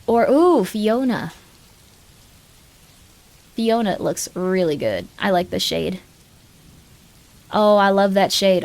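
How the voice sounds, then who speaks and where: A woman streamer chats casually in a mid-range, darkish voice with lively intonation, speaking slowly with long pauses. She rambles and jokes, often cutting herself off mid-thought.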